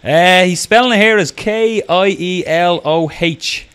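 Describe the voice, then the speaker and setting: A man's voice: sits high, unhurried, fairly bright tone, clear, resonant tone. A man hosting a casual interview, laid-back, laughing along and reading out viewer questions. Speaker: host, interviewer.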